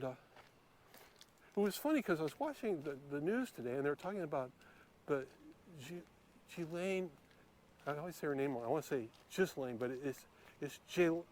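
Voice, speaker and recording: A man's voice: medium pitch, a little mellow, a little hiss or hum. A man vlogging while he walks around a lake outdoors, talking casually with many fillers and restarts. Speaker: YouTube vlogger. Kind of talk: casual walking vlog. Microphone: handheld camera while filming.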